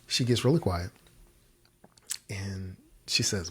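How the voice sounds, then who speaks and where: Animated storytelling man. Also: a little slow, long pauses, breathy edge. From Virginia, US. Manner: animated storyteller, jumps high when quoting himself. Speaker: guest. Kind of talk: storytelling interview answers.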